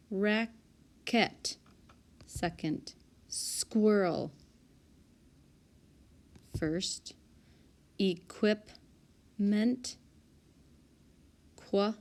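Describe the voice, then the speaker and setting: A woman teacher talking through spelling word sorts over a whiteboard app, calling out each word and its group and now and then correcting herself. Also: medium pitch. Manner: sorting words aloud, stopping to correct herself. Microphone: tablet mic, voice-over.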